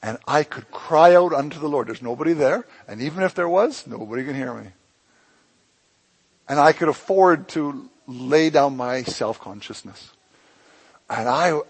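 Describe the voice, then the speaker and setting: Husky-voiced impassioned male pastor. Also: on the high side, rough recording. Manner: impassioned preaching that swings between loud emphasis and hushed lines. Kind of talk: sermon.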